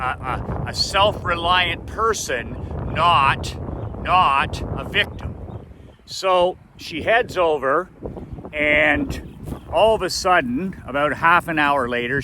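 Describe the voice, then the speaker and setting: A man's voice: fairly high pitch, lively intonation, takes it slowly, pushed and bright, slight background noise. A middle-aged man from Canada, telling a family story in a casual vlog. He is emphatic and repeats phrases for effect. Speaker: business coach.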